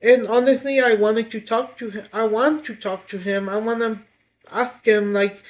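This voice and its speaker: A woman's voice: a little high, steady tone, normal speed, poor audio. A woman vlogging at home, speaking hesitantly with many restarts as she gets emotional. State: getting emotional. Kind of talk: emotional confessional vlog.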